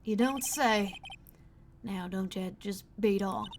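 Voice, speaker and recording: A woman's voice: mid-range voice, slow pace, over music, close to an everyday voice. Easygoing drawling cowboy cop, game dialogue read aloud by a woman. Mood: folksy. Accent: put-on American cowboy drawl. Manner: easygoing, drawling folksy sayings. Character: folksy cowboy detective man, laid-back.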